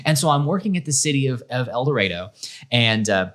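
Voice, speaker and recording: A middle-aged man, a school principal, telling his story in a relaxed interview, lively and full of restarts as he acts out what others said. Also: mid-range voice, brisk. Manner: animated, acts out quoted voices, many restarts. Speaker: school principal, podcast guest.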